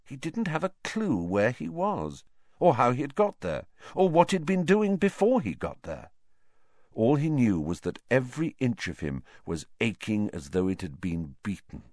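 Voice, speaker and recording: A man reading a story aloud with expressive narration and voices for the characters. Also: mid-range voice, normal speed, no room sound, clean studio sound. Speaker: audiobook reader.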